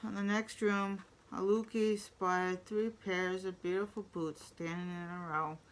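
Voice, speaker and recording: A woman reading a picture book aloud in a steady storytelling voice. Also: mid-range voice, unhurried, low-quality recording.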